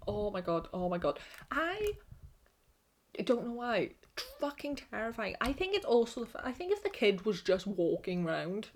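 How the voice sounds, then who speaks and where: Animated Welsh woman vlogger. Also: mid-range voice. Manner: animated, swears, laughs a lot. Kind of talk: casual chat to camera.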